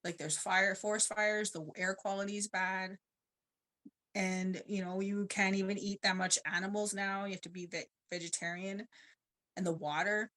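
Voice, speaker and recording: A woman speaking on a conference panel, telling a personal story in a loose, rambling way. She fills her talk with 'like' and speaks at a middling pitch. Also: steady tone, normal speed, fairly bright tone. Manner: casual and rambling, uses 'like' a lot.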